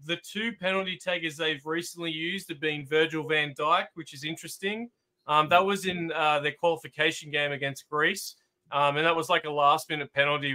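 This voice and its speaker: A man with an Australian accent, guesting as a football analyst, talking through stats in a measured way with many "um"s. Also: a little high, sharp tone. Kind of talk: casual chat.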